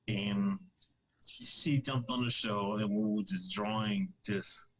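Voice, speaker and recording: A man's voice: fairly low pitch, fairly even intonation, slow, low-quality recording. A man chatting as a podcast guest, rambling with lots of restarts and easy laughter. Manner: rambling, many restarts and fillers; laughs easily, joking. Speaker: podcast guest, comic creator. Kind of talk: casual live-stream chat.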